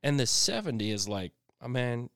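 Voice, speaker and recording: Smooth-voiced man telling a rambling story. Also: mid-range voice, normal speed, no echo, studio quality. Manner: rambling, animated storyteller with restarts and sound effects. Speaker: podcast co-host. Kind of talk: casual storytelling chat.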